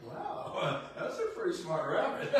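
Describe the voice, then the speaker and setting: Here the older man's voice sits high and a bit bright. He is a real estate CEO telling stories in a folksy, blunt motivational talk, often laughing, recorded on a far-off mic in a reverberant room with faint background noise.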